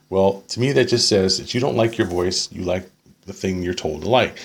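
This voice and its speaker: Low-voiced argumentative man ranting. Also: normal speed, gravelly. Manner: argumentative, keeps tagging points with "okay?"; sarcastic asides. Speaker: political commentator. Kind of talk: reading and reacting to an article.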